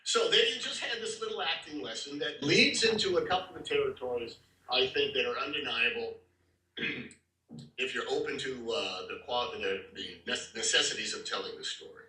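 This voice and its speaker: Male acting teacher lecturing a class, throat-clearing, picked up from across an echoing room. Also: mid-range voice, normal speed, pushed and bright. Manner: talks directly to the class. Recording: roomy hall, far from the mic.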